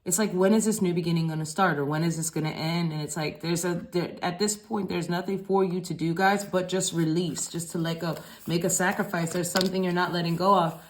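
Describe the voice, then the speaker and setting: A woman's voice: lowish voice, steady tone, brisk, hardly any pauses. Rambling, slangy woman reading tarot. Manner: loose, rambling and slangy, with frequent swearing; repeats phrases like chants. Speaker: tarot reader. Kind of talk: casual collective tarot reading.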